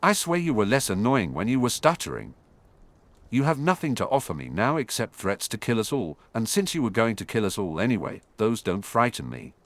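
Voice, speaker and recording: Man reading a defiant boy wizard, mocking, cheeky, lively delivery. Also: lowish voice, fairly quick, no echo.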